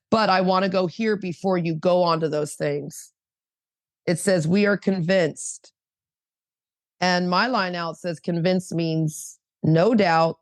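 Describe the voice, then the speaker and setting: A woman's voice: on the low side, dry recording, studio quality. A woman in her fifties sharing her recovery story at an online meeting, fervent and emotional, firing off rhetorical questions over a video call. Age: 50s.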